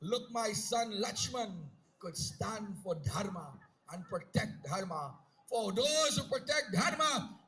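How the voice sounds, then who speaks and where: A man's voice: high voice, a bit bright, voice pushed down, exaggerated voice, rough recording. A man voicing a proud blessing queen mother. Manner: proud, exhorting, declaiming.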